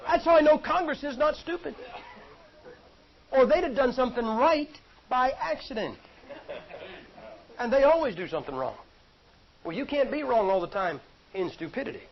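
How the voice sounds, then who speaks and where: A man delivers a sermon in a folksy, joking, conversational style. His voice sits very high for a man. The recording is dull and lo-fi. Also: lively intonation, moderate pace, long pauses. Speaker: preacher.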